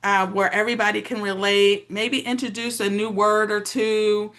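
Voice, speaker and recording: A woman's voice: medium pitch, little pitch movement, normal speed, a bit bright. Woman reflecting in a casual meeting. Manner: reflective, conversational. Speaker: participant. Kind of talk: casual sharing in an online meeting.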